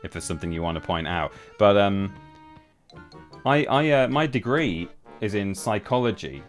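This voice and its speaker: Chatty low-voiced man streaming. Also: expressive, moderate pace, soft background music. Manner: rambling, chatty, restarts sentences often. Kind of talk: casual live-stream chat while gaming.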